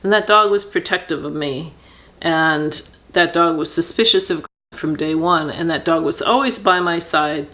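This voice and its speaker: A middle-aged woman telling a personal story on her vlog, earnest and reflective, pausing with fillers and restarting sentences. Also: sits low, a bit bright.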